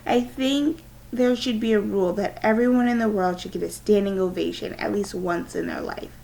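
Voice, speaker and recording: A woman's voice: mid-range voice, fairly even intonation, normal speed, vocal fry, dark tone, poor audio. A woman teacher with a cold reading a novel aloud to her class, with small stumbles. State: has a cold.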